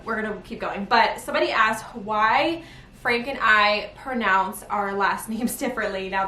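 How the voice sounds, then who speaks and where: A woman's voice: a little high, pushed and bright, slight background noise. Chatty young woman vlogging in a roomy space. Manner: chatty, rambling, laughs mid-sentence. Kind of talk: casual chat while folding laundry. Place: room at home, indoors. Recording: roomy home recording from a distance.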